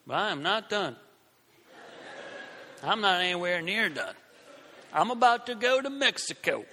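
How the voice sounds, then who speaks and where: Middle-aged male preacher, lively storyteller, high and very bright, booming hall reverb. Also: unhurried, slight background noise. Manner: animated, acts out voices in his story. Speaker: Christian speaker. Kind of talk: storytelling sermon.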